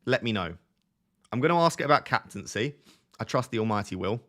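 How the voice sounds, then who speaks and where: A man's voice: medium pitch, expressive, a little fast, a bit bright. A young man chatting casually on a live stream, joking and laughing at himself as he talks to his viewers. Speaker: fantasy football streamer.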